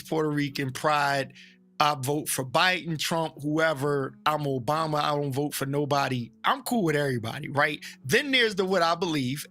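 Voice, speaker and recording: Joking and frank, a male Baptist preacher talks animatedly as a guest in a casual exchange of opinions, mimicking others' voices. His voice is a little high and sharp, now and then slowing into emphatic phrasing.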